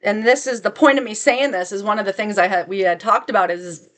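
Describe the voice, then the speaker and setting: A woman of middle pitch tells a personal spiritual story in an earnest, heartfelt voice. She rambles and restarts, slips in soft little laughs, and stretches the words that matter to her. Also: fairly even intonation, fast. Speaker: spiritual wellness vlogger.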